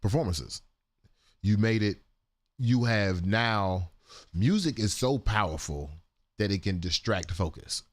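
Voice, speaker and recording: Male show co-host, lowish voice that swings all over, loose, joking and salty. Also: takes it slowly, pauses often. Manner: animated, joking, profane. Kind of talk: casual livestream talk show banter.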